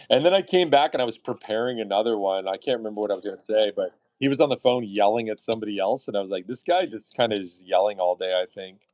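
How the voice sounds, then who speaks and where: A man streaming his art while telling casual, profane stories, often jumping into high mock voices and bits of song. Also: brisk, a little mellow, no room sound, poor audio. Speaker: artist streaming his work. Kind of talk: casual storytelling chat.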